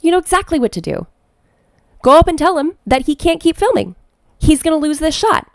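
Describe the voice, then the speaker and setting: Woman doing her friend, brisk and encouraging, a bit higher voice. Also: very animated, gravelly, dry recording, studio quality, exaggerated voice. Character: encouraging female friend giving firm advice.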